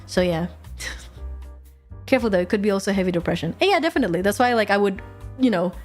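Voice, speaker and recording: A young woman streaming a casual chat, talking in a lively, animated way. She swears freely and laughs often, at a middling pitch, with faint music in the background. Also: a little fast.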